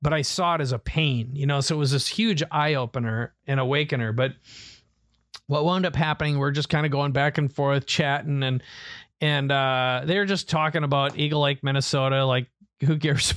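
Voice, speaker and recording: A middle-aged man telling a personal story in a relaxed, conversational way, his voice bouncing up as he acts out the people in it. He sits at mid pitch and sounds close and dry, with no room echo. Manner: animated storyteller, acts out quoted family voices. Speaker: podcast co-host. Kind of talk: casual storytelling.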